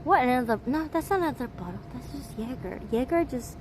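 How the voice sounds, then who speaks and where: A woman's voice: high voice, lively intonation, brisk. A woman in her thirties from Taiwan with an American accent, chatting casually and laughing between swear-filled stories. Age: 30s. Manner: profane, laughing, chatty storytelling. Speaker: vlogger. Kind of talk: casual chat. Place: hotel, indoors. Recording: noisy background.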